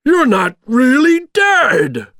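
A man voicing a loud, gloating monster villain in a storybook reading, drawing out and shouting his words. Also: sits high, wildly swooping pitch, vocal fry, dry recording, studio quality, voice pushed up, heavily acted. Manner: shouting, cackling, drawn-out words.

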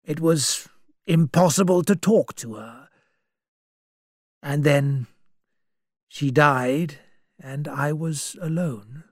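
A man voicing a sad, resigned old general who talks slowly and quietly in a storybook reading. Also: on the high side, dry recording, studio quality. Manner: slow, quiet and grave.

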